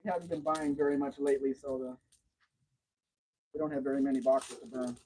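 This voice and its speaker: A man's voice: medium pitch, little pitch movement, fairly quick, mellow, husky, low-quality recording. A man hosting a casual livestream from home, telling long rambling stories in a chatty way. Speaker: livestream host.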